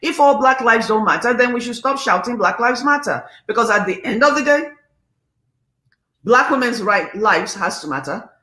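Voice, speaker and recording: A woman's voice: on the high side, lively intonation, normal speed, pushed and bright, roomy sound. A Nigerian-accented woman in her fifties, hosting a casual livestream and talking in a passionate, emphatic, preachy way. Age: 50s. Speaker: livestream host.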